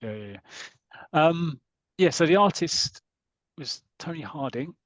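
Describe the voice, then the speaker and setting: A man's voice: fairly high pitch, lively intonation, slow, fairly bright tone, dry recording. Chatty man retelling a comic. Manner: chatty, hesitant restarts, reads passages aloud. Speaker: podcast host. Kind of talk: casual podcast chat, retelling a comic story.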